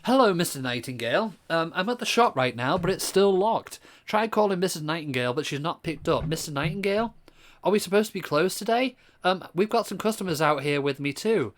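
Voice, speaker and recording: A jittery young shop worker from a game, put on by a man. He frets, apologises and rushes his worries out. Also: a little high, lively intonation, natural voice. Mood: anxious. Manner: anxious, apologetic, flustered.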